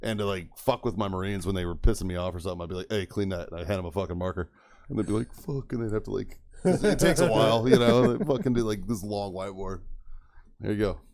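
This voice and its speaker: A young Texan co-hosting a casual podcast tells profane stories in a lowish, slightly mellow voice at a quick clip. He laughs a lot and puts on voices when quoting people.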